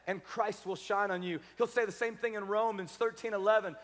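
A male pastor preaching a sermon, leading the congregation to repeat words and swinging between loud exhortation and hushed intensity. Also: high voice, fairly even intonation, a little fast, few pauses, long reverb tail. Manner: leads congregation call-and-response.

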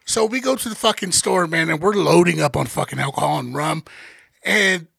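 A man with a high voice and a bright, gravelly edge tells a story on a podcast. He swears freely and acts out every scene as he goes, with a husky, raspy grain to his tone. The sound is close and dry. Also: fairly quick, no echo. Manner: animated, profane storyteller. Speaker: podcast host. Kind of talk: casual storytelling chat.

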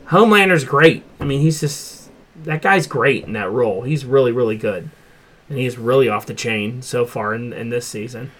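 A man's voice: mid-range voice, normal speed, fairly bright tone. A man hosting a casual pop culture chat show, talking loosely and swearing freely. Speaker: podcast host.

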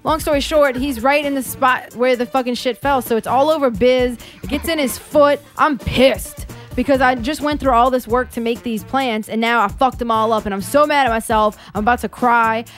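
A woman co-hosting a loose talk show, her voice pitched a little high as she spins a profane, animated story. Faint music runs underneath. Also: moderate pace, hardly any pauses. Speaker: podcast co-host. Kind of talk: casual storytelling chat.

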